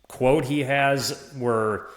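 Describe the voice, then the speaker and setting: A man's voice: medium pitch, steady tone. Rambling man in a roomy echo. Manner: halting, many restarts, nervous laughs. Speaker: podcast guest, former parish administrator. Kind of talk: casual conversation.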